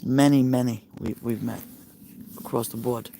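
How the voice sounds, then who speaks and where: A man's voice: medium pitch, fairly even intonation, moderate pace, creaky, dark tone. A man with a Brooklyn Italian American accent, chatting casually on a live stream and answering viewers' messages aloud. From New York. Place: outdoors by a fire pit at night.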